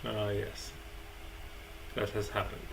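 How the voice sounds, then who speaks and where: A woman's voice: extremely low pitch, completely flat delivery, slow pace, vocal fry, a little hiss or hum, low-quality recording. A woman co-hosting a casual live-stream chat, laughing easily and joking dryly. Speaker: co-host.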